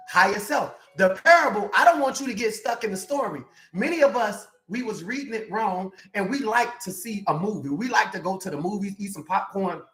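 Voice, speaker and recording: Taking the role of a life coach, a man with a high-sitting voice delivers an animated, preachy motivational sermon, repeatedly calling out to his listeners. The room is echoey, with faint music in the background.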